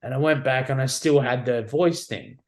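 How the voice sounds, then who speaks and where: A man's voice: mid-range voice, normal speed. A man in his forties, a podcast guest telling candid, wry stories in casual conversation, often adding "like" and "you know what I mean". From Australia.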